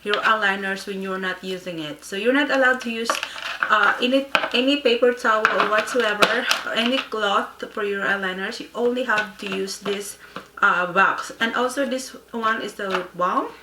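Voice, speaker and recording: A woman vlogger with a slight lisp from wearing aligners, reviewing a product in a casual sit-down video at home. She talks haltingly, with many pauses and fillers. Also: mid-range voice, heavy background noise. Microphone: phone camera. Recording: echoey room.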